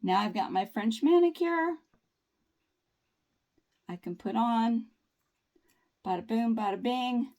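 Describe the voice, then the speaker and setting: A woman's voice: fairly high pitch, expressive, takes it slowly, pauses often, a little mellow. A woman chatting upbeat and reassuring through a nail tutorial, with folksy phrasing. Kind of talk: casual tutorial talk.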